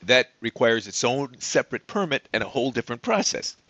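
Guy ranting sarcastically to the listener, bouncy pitch, kinda dull dry recording. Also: very animated, a little fast, bright, forceful tone, no echo. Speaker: vlogger on life in Mexico. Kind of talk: sarcastic explainer monologue.

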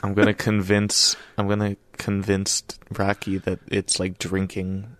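A man at a game table gives terse, deadpan remarks. His voice is very deep and flat, his pace slow and the sound dry. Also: no room sound. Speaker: player. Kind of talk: casual chat.

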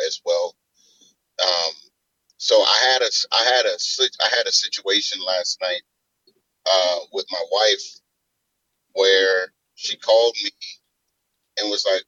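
A man calling in to a talk show, telling a story in a halting way with many restarts. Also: low-pitched, sharp tone, no room sound, lo-fi sound. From South Carolina. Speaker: caller. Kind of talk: casual call-in talk.

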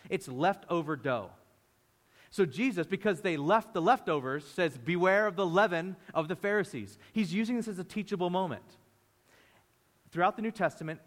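A man preaching a lively sermon, often acting out the voices of the people in the story. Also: on the high side. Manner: animated, acts out voices of disciples. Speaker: pastor. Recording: reverberant hall.

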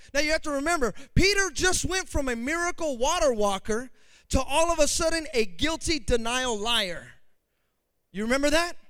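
A middle-aged man preaching a sermon as pastor, emphatic, swinging from intimate asides to booming declarations. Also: pushed and bright, dry recording.

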